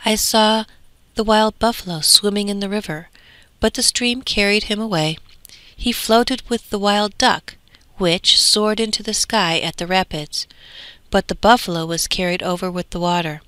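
A woman's voice: medium pitch, moderate pace, clean tone, no echo, close to an everyday voice. A woman voicing the west wind as a wild, boastful young man. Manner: lively, boastful.

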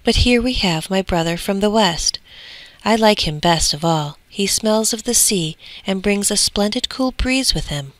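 A woman voicing the north wind as a cold, gruff male spirit. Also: mid-range voice, expressive, a little slow, no echo, lightly acted.

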